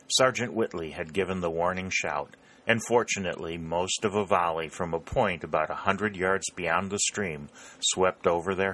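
A man reading an audiobook aloud with steady, clear storytelling. His voice is very low and deep, with a bright, forceful ring to it. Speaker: audiobook narrator. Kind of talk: scripted narration.

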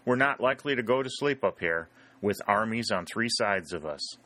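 A man's voice: on the low side, animated, normal speed, pushed and bright. A man reading the eager lines of a signal officer in an audiobook. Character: male signal officer, cheerful and keen.

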